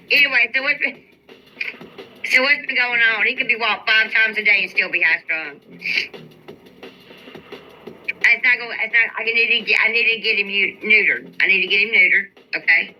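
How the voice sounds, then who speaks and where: A woman's voice: on the high side, moderate pace, pauses often, highs cut off, soft background music. A woman chatting casually on a livestream, answering viewers' comments and venting with a profane, exasperated drawl. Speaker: YouTube live streamer. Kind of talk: casual live-stream chat reading viewer comments.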